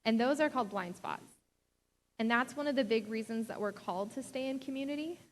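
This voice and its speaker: A woman's voice: a little high, brisk, long reverb tail, a little hiss or hum. A young adult woman pastor giving a sermon in a casual, chatty way, full of "like" and small laughs. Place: church sanctuary.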